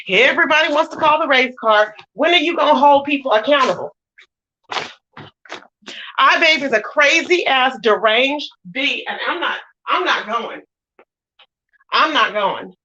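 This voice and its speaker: The audio is dull, but this livestream host's voice comes through high, bright and forceful. Her commentary is a ranting, scolding tirade, blunt and full of swearing and repetition, broken up by occasional hellos to her viewers.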